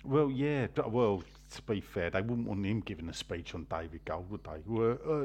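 Gravelly man reading out fan messages. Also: fairly low pitch, expressive, a little mellow. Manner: reads messages out in a slow deliberate tone; rambling, lots of fillers. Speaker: podcast host reading listener messages. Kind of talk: casual football podcast chat.

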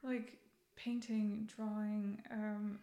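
A woman's voice: medium pitch, flat delivery, drawn-out words, vocal fry, mellow. A young woman, a podcast guest, talking casually and thoughtfully, often repeating herself and laughing easily. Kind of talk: casual chat. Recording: echoey room.

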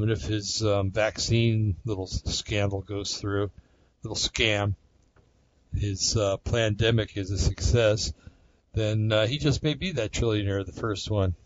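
A man's voice: fairly low pitch, dull audio. A man hosting a casual solo talk show, rambling conversationally with many fillers and restarts. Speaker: podcast host.

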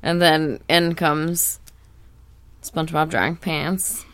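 Chatty female co-host, low pitch, dry close-miked recap talk. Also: steady tone, slow, a bit bright, clean tone, dry recording. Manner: chatty, rambling with fillers. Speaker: podcast co-host. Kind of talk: casual episode recap chat.

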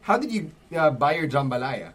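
A man's voice: fairly high pitch, very animated, brisk, fairly bright tone. A man with a Filipino accent hosting a podcast, asking questions in casual chat and mixing English and Filipino. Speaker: podcast host.

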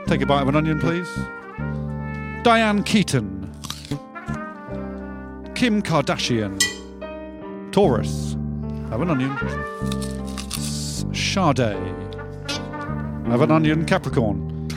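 A man's voice: on the high side, measured pace, pauses often. A man hosting a comedy music show, running a silly game with playful, laughing banter. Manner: playful, laughing, excitable quizmaster.

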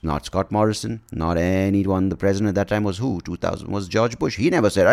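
Gravelly, profane ranting comedian man. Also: low-pitched, a little fast, few pauses, darkish tone. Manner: profane, rambling, self-mocking. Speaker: podcast host and comedian. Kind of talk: casual comedic rant.

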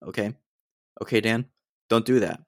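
A man's voice: lowish voice, normal speed, no room sound, clean studio sound. An American man hosting a solo podcast, rambling and ranting in a mock-exasperated way with lots of digressions. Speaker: podcast host. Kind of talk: casual solo podcast rant.

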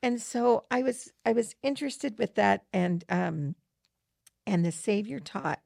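Gravelly-voiced woman discussing scripture. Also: mid-range voice, animated, a little slow, mellow, dry recording, studio quality. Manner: earnest and enthusiastic, with frequent fillers. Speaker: co-host of a scripture study podcast. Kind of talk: gospel discussion, reading scripture aloud.

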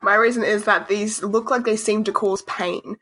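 A woman's voice: mid-range voice, fairly even intonation, normal speed, a bit bright. A blunt, opinionated woman in a casual chat with friends.

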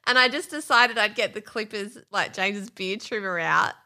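A woman's voice: medium pitch, moderate pace, gravelly, sharp tone. A woman co-hosting a podcast, telling a home story in casual chat and laughing often. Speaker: podcast co-host.

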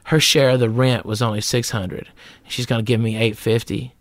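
A middle-aged man with a Southern American accent, a guest comedian telling a lively, profane story in a podcast interview. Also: medium pitch, normal speed, no room sound. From Southern United States.

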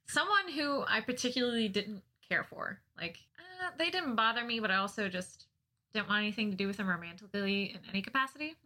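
A young woman casually telling a funny personal story, often laughing at herself in a self-mocking, animated way. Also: medium pitch, a little fast.

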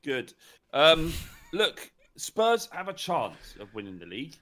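A man co-hosting a casual football podcast, reacting with animated, incredulous questions. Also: fairly high pitch, unhurried. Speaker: podcast co-host.

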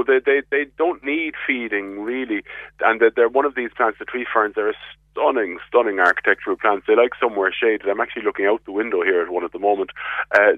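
An Irish gardening expert speaks over a tinny phone line into a radio show. His voice is fairly low, and he often stumbles and repeats words before his answers settle. The line sounds dry and narrow. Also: no room sound. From Ireland. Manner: stammers and repeats words before getting going. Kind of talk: casual radio phone-in chat.

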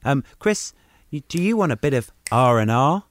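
A man's voice: medium pitch, very animated, moderate pace, faint music behind. A man co-hosting a podcast, teasing and joking in casual chat. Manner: teasing, jokey, sing-song bits. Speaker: podcast co-host.

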